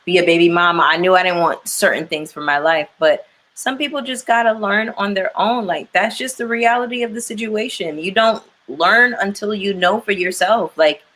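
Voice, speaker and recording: A woman's voice: mid-range voice, fairly bright tone, poor audio. A young woman hosting a live stream, talking candidly and emphatically to her viewers and reading their comments aloud. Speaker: livestream commentary host.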